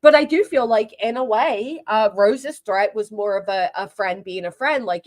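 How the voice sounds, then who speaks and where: A woman's voice: on the high side, moderate pace, hardly any pauses, no room sound. A woman hosting a drama commentary channel, reacting to a clip with blunt, sarcastic remarks and frequent laughter.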